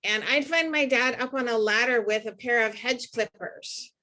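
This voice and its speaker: A woman's voice: a little high, normal speed, bright, forceful tone. A woman talk show guest recounting a caregiving experience in a plain, matter-of-fact way. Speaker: caregiver support co-founder. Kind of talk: personal account on a talk show.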